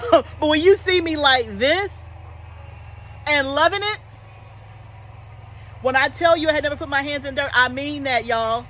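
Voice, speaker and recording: Woman, 40s, homestead vlog host, relaxed animated chatter, calls viewers y'all. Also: high voice, a little slow, pauses often, a little hiss or hum, poor audio. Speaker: homestead gardening channel host. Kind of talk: casual chat.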